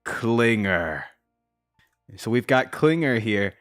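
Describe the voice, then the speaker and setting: A man's voice: on the low side, expressive, takes it slowly, fairly bright tone, dry recording, studio quality, faint music behind. A man casually recapping a video game, rambling and breaking into his own asides. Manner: rambling, self-interrupting asides.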